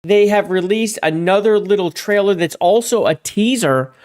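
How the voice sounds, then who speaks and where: Man hosting a gaming livestream; loose rambling delivery with sudden bright jumps when calling out chat names. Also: moderate pace. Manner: jumps high and loud when greeting chat; rambling, repeats words. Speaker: livestream host. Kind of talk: casual stream chat.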